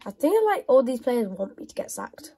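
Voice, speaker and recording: Excitable husky woman gamer. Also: a little high, normal speed, rough recording. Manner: excitable, shouts and squeals at the game. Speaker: gamer playing a football video game. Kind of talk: gaming commentary.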